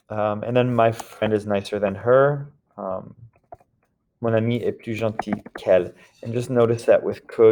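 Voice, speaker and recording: Man, fairly low pitch, teacher, recorded lesson, patient explanations, mixes english and french examples. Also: vocal fry, darkish tone, a little hiss or hum. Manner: explains patiently, often checks with "d'accord?".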